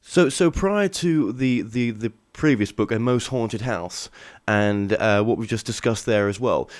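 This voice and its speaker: Male interviewer, lowish voice, halting and repetitive phrasing. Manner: hesitant, repeating words. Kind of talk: interview questions.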